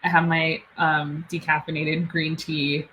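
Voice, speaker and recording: A woman guest on a podcast, chatting casually in a relaxed way with plenty of fillers. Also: sits low, measured pace, poor audio. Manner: relaxed, filler-heavy chat. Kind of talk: casual interview chat.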